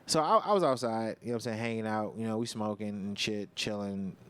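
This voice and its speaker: A man's voice: fairly low pitch, brisk, clear, resonant tone. A man who is a stand-up comedian and podcast host, telling a story in casual, profane, slang-heavy chat.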